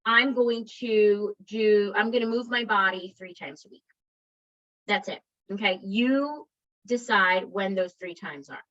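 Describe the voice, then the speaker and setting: A woman's voice: medium pitch, unhurried, fairly bright tone, lo-fi sound. A woman wellness coach giving a conversational motivational talk to an online group, encouraging and often checking in with her listeners.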